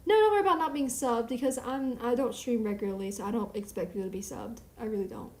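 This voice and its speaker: A woman's voice: on the high side, fast talker, darkish tone. A woman chatting candidly on a live stream from her apartment living room floor, rambling and self-deprecating. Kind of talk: casual chat on a live stream. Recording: roomy echo.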